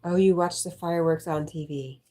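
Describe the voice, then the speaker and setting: A woman's voice: on the low side, fairly even intonation, normal speed, warm tone. A woman hosting a casual livestream, reading viewer comments aloud, answering them in a chatty way and talking to her dog in between. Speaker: livestream host.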